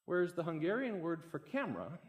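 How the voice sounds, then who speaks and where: A fairly high-voiced young man delivers a talk as a vivid story. He builds up energy and enthusiasm as the tale climbs to its peak, and his delivery stays conversational and expressive throughout. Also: a little fast, lo-fi sound. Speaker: speaker giving a talk.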